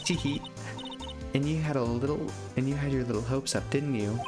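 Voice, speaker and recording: Catty young woman witness, high sarcastic falsetto, played by a man reading a game. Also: normal speed, lightly acted. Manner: sarcastic and teasing. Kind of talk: reading game dialogue aloud. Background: video game music.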